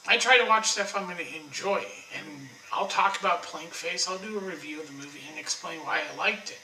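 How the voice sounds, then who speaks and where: A man's voice: sits high, brisk, pushed and bright, recorded from a distance. Blunt ranting man in an echoey room. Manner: profane, blunt, opinionated, frequent restarts. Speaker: online commentator. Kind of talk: ranting casual monologue.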